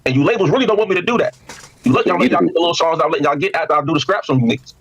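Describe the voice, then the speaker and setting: Pushy rapid-fire man challenging a host. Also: fairly high pitch, gravelly. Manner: pushy, challenging, heavy slang. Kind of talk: live stream debate.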